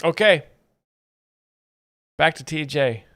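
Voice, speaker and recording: A man hosting a live comedy stream, giving casual, sardonic, deadpan commentary. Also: fairly high pitch, takes it slowly.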